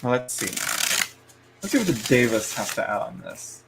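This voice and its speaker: A man's voice: medium pitch, very animated, normal speed, noisy background. Rambling man giving casual tarot readings. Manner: rambling, many fillers and restarts, chuckles often. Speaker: tarot reader hosting a live stream.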